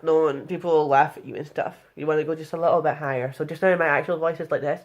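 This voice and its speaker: A woman's voice: low voice, fairly even intonation, fast talker, hardly any pauses. A young woman talking frankly in a casual vlog tutorial, chatty and blunt, with plenty of fillers. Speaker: vlogger.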